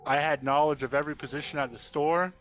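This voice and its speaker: A man's voice: fairly high pitch, steady tone, fast, fairly bright tone, soft background music. Man, young adult, casual storytelling, acts out quotes, slightly dull audio. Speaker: streamer. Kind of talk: casual chat while gaming.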